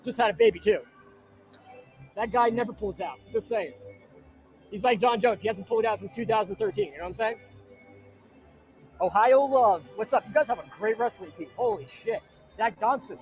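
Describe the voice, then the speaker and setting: High-voiced brash man hosting a live stream. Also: normal speed, pauses often, faint music behind. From New Jersey. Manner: brash, crude joking shout-outs. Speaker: livestream host. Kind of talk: live-stream chat reading viewer comments. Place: inside an arena.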